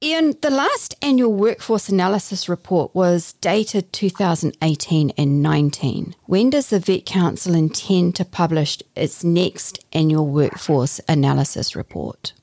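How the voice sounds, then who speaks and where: A woman hosting a podcast, reading a guest introduction briskly and asking interview questions. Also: fairly low pitch, darkish tone, dry recording. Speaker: podcast host.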